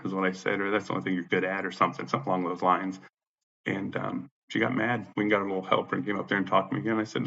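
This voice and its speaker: A man's voice: low voice, little pitch movement, fast talker, gravelly, fairly bright tone, muffled recording. A man from the United States talking into his own camera at home, telling a rambling, agitated story full of swearing. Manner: profane, rambling, agitated, re-enacts what he said in raised voice. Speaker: vlogger recounting an ordeal. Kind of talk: raw unscripted monologue to camera. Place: at home, indoors. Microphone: camera or phone facing him.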